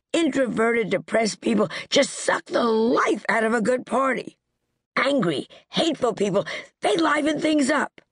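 A woman's voice: fairly high pitch, measured pace, creaky, husky, dry recording. Sarcastic woman reading a dry rant. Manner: sarcastic, deadpan ranting with punchy timing. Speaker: author reading her own comedic book. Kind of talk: comedic audiobook reading.

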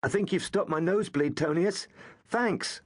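A man voicing a small, brave young Roman boy in an audiobook, speaking with a quiet, trembling bravado. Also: sits high, moderate pace, no room sound, clean studio sound, pitched above the performer's own voice. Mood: shaky.

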